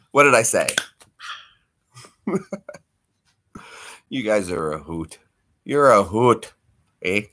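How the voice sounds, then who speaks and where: A man's voice: on the low side, huge pitch swings, very slow, long pauses, a bit bright. A man hosting a casual live stream from home, chatting with viewers, greeting them by name and laughing easily.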